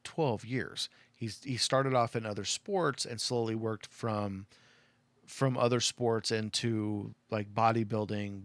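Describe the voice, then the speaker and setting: Here the Arizona man's mid-range voice has a fairly bright tone, recorded without room sound. He rambles through a heartfelt personal story, choked up, leaning heavily on "like" and "you know."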